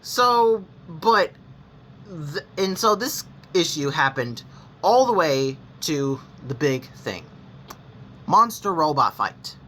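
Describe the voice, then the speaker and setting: Very animated yet slow, this mid-range voice is bright and forceful, with a little hiss or hum in the recording. A young adult gaming vlogger rambles bluntly through personal stories to camera, with lots of restarts, self-corrections and offhand swearing.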